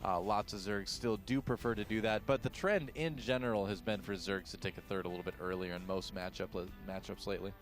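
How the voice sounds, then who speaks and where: A man's voice: lowish voice, steady tone, fairly quick, few pauses, faint music behind. A man giving analytical color commentary on a strategy game match, chatty and wry. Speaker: esports co-caster.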